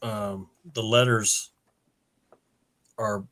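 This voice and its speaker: Bright-voiced man recapping a comic. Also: on the low side, little pitch movement, drawn-out words. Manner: earnest, recaps the plot with many "you know"s. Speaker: podcast co-host. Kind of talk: casual comic book discussion.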